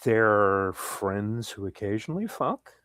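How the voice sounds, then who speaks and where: A man's voice: lowish voice, lively intonation, takes it slowly, fairly bright tone, dry recording, clean studio sound. A man co-hosting a podcast, giving blunt, crude opinions in a casual film review chat. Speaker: podcast co-host.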